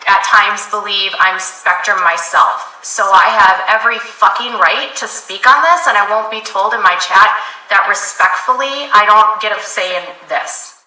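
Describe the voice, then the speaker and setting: A woman's voice: mid-range voice, measured pace, pushed and bright. Combative, swearing woman in an echoey room. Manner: combative, profane, dismissive. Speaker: livestreamer. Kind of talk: livestream rant at chat. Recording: echoey room, far from the mic.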